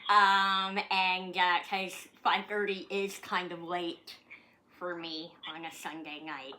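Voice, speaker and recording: A woman's voice: on the low side, little pitch movement, takes it slowly, sharp tone, slight background noise. A woman from Canada chatting casually in her vlog, talking to her dog and swearing freely. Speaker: vlogger. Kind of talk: casual chat.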